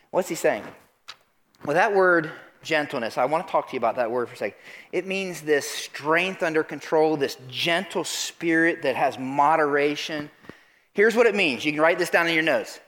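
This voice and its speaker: Guy preaching in church, high voice, keeps firing questions at the crowd. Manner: animated, calls out questions to the congregation. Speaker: pastor. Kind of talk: sermon. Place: church sanctuary.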